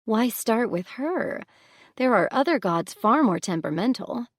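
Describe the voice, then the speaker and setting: A woman's voice: fairly high pitch, lively intonation, unhurried, no echo, clean studio sound, voice pushed up. A woman voicing a young goddess heroine, earnest and direct.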